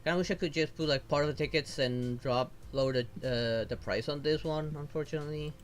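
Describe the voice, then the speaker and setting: Brisk and fairly high-pitched, this male VTuber casually thinks aloud as he pulls and sorts game rewards, giving relaxed gameplay commentary.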